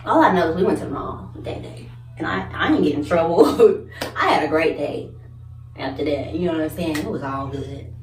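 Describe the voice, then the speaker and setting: Animated, cussing young woman telling a story. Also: low-pitched, moderate pace, slight background noise. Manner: animated, swearing, laughing, acts out others' voices. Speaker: vlogger. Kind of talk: casual storytime vlog. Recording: echoey room, mic at a distance.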